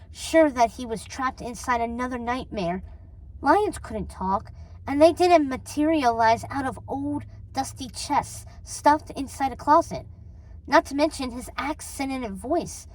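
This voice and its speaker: A woman reading a chapter of a children's novel aloud in a deliberate storytelling manner. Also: a little high, low-quality recording. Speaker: storybook reader.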